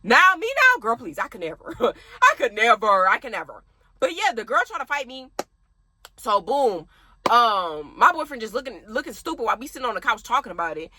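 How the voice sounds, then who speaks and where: A woman's voice: on the high side, sing-song, a little fast, bright, forceful tone, slight background noise. A young adult woman telling a story to her viewers in casual chat, laughing often and addressing them directly. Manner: chatty, laughs often, talks straight to viewers. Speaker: vlogger.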